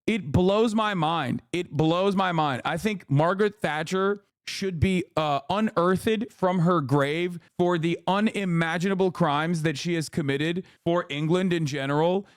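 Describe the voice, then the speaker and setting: A man rants through casual stream commentary, swearing freely. His voice sits fairly high for a man, and the sound is close and dry. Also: measured pace, hardly any pauses, clean tone, no room sound. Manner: profane, animated ranting.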